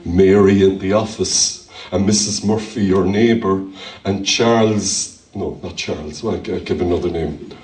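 A man's voice: low voice, steady tone, a little slow, a little mellow. A man preaching a fervent sermon as pastor, calling out to his congregation. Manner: fervent preaching with call-and-response. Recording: roomy hall, voice from far off.

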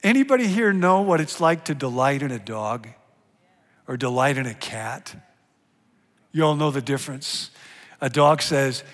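A middle-aged man preaching a sermon as a pastor, animated and swinging from hushed to loud and emphatic. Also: medium pitch, normal speed, pauses often. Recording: long hall reverb.

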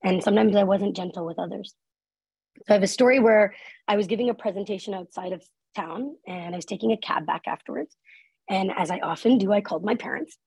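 Her mid-range voice is quick, gravelly and darkish with a breathy edge; the audio is poor, with no echo. She's a Canadian woman telling a personal story in a live talk on workplace inclusion, earnest and conversational, peppered with "like" and "right?".

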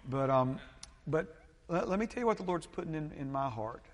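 A man, a pastor preaching a sermon, talking haltingly with many fillers and restarts. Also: fairly high pitch, lively intonation, big-room sound.

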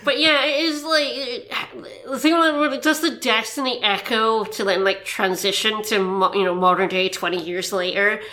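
A woman co-hosting a casual movie-review podcast, chatty and animated, often restarting her sentences. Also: mid-range voice, normal speed, hardly any pauses. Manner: chatty, animated, self-interrupting. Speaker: podcast co-host.

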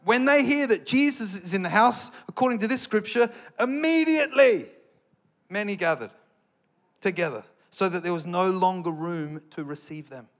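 An Australian man preaching a sermon with passion, building to loud, emphatic bursts. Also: extremely high pitch, expressive, normal speed.

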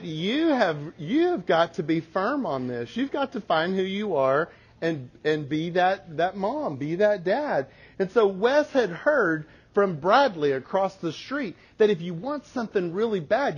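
Man, parenting speaker, animated storytelling, higher voice, dull lo-fi recording. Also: a little slow, slightly rough. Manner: animated, acts out family dialogue with humor. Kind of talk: storytelling talk to an audience.

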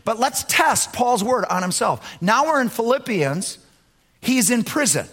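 A man preaching a sermon as pastor, swinging between loud emphatic lines and low, quiet asides. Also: very animated, measured pace, husky.

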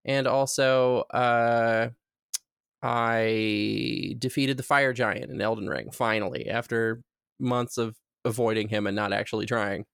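A woman co-hosting a casual podcast from home, excitable and swearing freely, a little out of breath. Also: extremely low pitch, slow pace, vocal fry, smooth. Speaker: podcast co-host. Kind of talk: casual chat.

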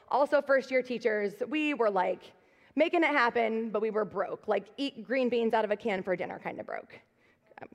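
A middle-aged woman pastor giving a live sermon, talking in a conversational, self-deprecating way and telling personal stories. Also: on the high side. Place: large church auditorium. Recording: long reverb of a live church hall.

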